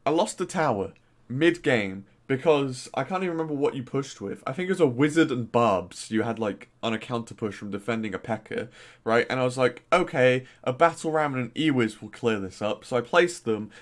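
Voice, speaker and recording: A man's voice: mid-range voice, lively intonation, a little fast. A young man with a faint Norfolk accent rambles through a casual gaming commentary. He speaks in a mid-range voice, full of fillers and little exclamations, chatty and unscripted. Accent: mild Norfolk English. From Norfolk, England. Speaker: gaming YouTuber. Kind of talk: casual commentary reviewing posts.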